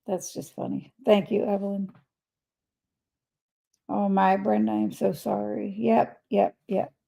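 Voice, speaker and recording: An older woman chats on her livestream, reading out viewers' messages and answering each one. Her voice is gravelly with a mellow, dark tone, and she speaks at an everyday middle pitch. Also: flat delivery, measured pace, poor audio. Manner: chatty, reads messages aloud and replies warmly. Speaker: livestream host. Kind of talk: casual livestream chat, reading viewer comments aloud.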